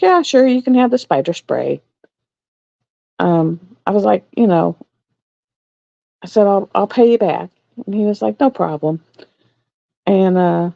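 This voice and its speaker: Speaking in a mellow, creaky mid-range voice without echo, a middle-aged woman laughs often as she rambles through a story for her live stream. A phone or webcam serves as the microphone, and the audio is dull and slightly lo-fi.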